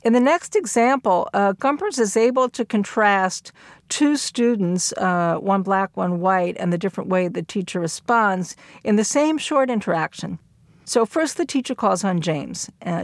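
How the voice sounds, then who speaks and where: A woman giving a recorded lecture, explaining at a measured pace and acting out the quoted lines. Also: mid-range voice, no room sound, studio quality.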